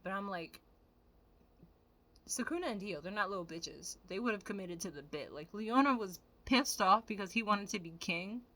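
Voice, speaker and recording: A woman vlogger giving animated, profane, casual commentary straight to her viewers. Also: mid-range voice, moderate pace.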